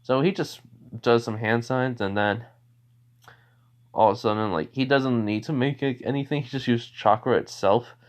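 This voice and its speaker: In a dull lo-fi recording, a young man with a mid-range voice retells a fan story at a moderate pace. He rambles, restarting often, filling gaps with fillers and frequent laughter.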